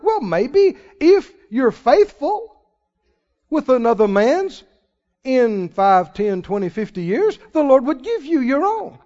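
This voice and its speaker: A man preaching a sermon as pastor, folksy and emphatic, with sudden loud swells and drawn-out words. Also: extremely high pitch, very animated. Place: church sanctuary. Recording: muffled recording in a reverberant church hall.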